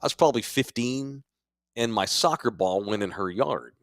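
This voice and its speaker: A man's voice: mid-range voice, lively intonation, moderate pace, vocal fry, a bit bright, no echo. A middle-aged man from Texas co-hosting a casual podcast from a sports bar studio, telling loose, rambling stories. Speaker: podcast co-host.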